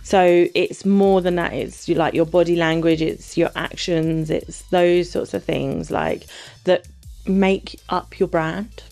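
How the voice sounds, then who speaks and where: A woman's voice: on the low side, fairly even intonation, slow, creaky, darkish tone, soft background music. A woman co-hosting a podcast in casual chat, bubbly and laughing often, cutting in on her partner. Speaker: podcast co-host.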